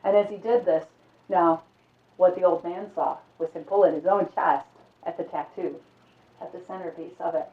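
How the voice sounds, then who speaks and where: A woman telling a dark fairy tale aloud in a conversational, vivid way. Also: fairly low pitch, steady tone, normal speed. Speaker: storyteller. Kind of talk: oral storytelling. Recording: echoey, distant, phone-like sound.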